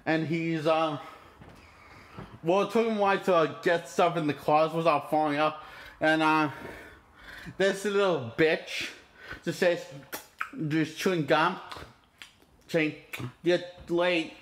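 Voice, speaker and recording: A man's voice: fairly high pitch, steady tone, a little slow, pauses often, a bit bright. A man reviewing a movie in an indignant, profane, rambling rant. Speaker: movie critic.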